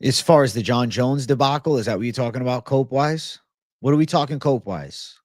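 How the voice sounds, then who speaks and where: A man hosting a livestream chat, talking at a mid-range pitch in a loose, laid-back way, with plenty of blunt swearing. His voice sounds dry and close to the mic. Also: fairly quick, darkish tone, no room sound. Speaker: livestream host. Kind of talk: casual livestream chat, reading viewer comments.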